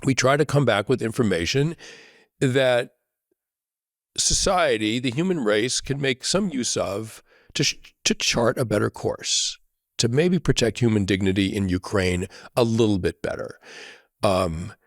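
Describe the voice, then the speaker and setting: A man as a podcast guest, telling a reflective story in an earnest way, often checking in with a quick "right?". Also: medium pitch, dry recording, clean studio sound.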